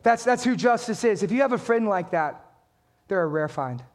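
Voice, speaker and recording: A man's voice: high-pitched, animated, normal speed. A man preaching a sermon as a pastor, talking straight to his congregation with emphatic points and playful jokes.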